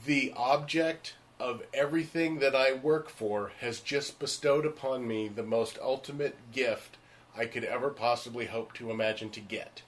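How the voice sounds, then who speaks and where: A male stage and screen actor tells stories in casual conversation, frank and emphatic, animatedly acting out the voices of the people he describes. His voice is medium-pitched at a normal speed, with slight background noise.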